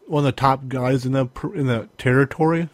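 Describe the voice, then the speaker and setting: A man's voice: mid-range voice, fairly even intonation, a little fast, no echo. Man recapping from his notes. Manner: reads from notes, hesitant with restarts. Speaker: podcast co-host. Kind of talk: casual chat reviewing a wrestling event.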